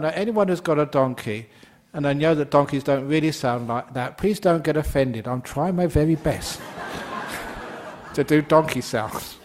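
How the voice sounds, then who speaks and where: A man's voice: a little high, unhurried. A man, a Buddhist monk, giving a dharma talk and telling stories playfully while laughing at his own jokes.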